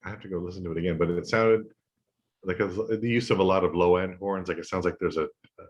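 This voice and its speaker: A man's voice: low-pitched, fast, dull audio. A man co-hosting a podcast, chatting casually about music in an easygoing way and trailing off with fillers.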